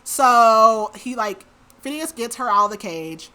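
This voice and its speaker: Chatty woman with a bright voice. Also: on the high side, lively intonation, measured pace. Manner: chatty, filler-heavy retelling with many likes. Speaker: podcast host. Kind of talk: casual book recap.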